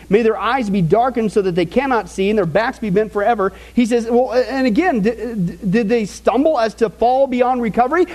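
High-voiced man preaching a sermon. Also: poor audio. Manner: asks the audience rhetorical questions and checks in with "okay?"; animated, with sudden jumps in pitch for emphasis. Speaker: pastor. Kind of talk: sermon, Bible teaching.

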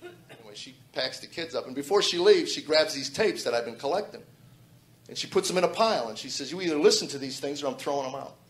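A man in his forties giving a personal testimony. He talks fast and earnestly, stumbling over repeated words as he goes. His voice rings in an echoey room. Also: a little high, lively intonation. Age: 40s. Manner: earnest, halting with repeated restarts. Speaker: testimony speaker.

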